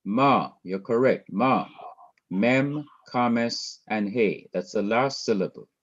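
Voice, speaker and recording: A man's voice: mid-range voice, takes it slowly, muffled recording. A man from Jamaica teaching a Hebrew class online, explaining patiently and repeating his points.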